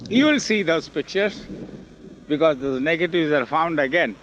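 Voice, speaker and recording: A man's voice: on the high side, a little hiss or hum. Older man telling old stories, lo-fi. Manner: animated storyteller acting out quotes. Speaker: interviewee recalling memories. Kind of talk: oral history storytelling. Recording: dull lo-fi 1970s film audio.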